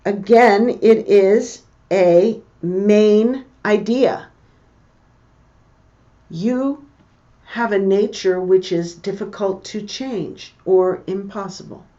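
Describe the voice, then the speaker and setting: A woman teaching English, reading a text aloud slowly and explaining words and intonation to her learners. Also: medium pitch, warm tone, lo-fi sound. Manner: slow, deliberate reading with pronunciation comments.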